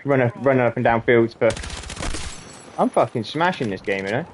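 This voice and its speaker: A man's voice: mid-range voice, expressive, moderate pace, slight background noise. A man telling army stories in a rambling, sweary way, often chuckling. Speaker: podcast host and army veteran. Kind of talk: casual storytelling.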